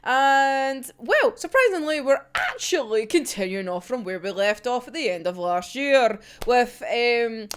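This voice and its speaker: Brief: lively female reviewer, high and animated, swears a lot. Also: measured pace, few pauses, clean tone. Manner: excitable, ranting, swears often, laughs a lot. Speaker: manga reviewer. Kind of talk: casual reaction ranting.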